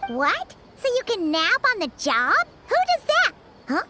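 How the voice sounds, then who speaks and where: A woman voicing an excitable tiny fairy companion who talks about herself in the third person, shrill and teasing. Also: measured pace, exaggerated voice. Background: game music.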